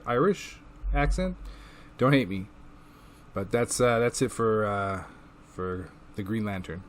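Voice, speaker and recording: Rambling, profane man recapping comics. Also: medium pitch. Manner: loose and profane, with filler words and acted-out quotes. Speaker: comic book reviewer.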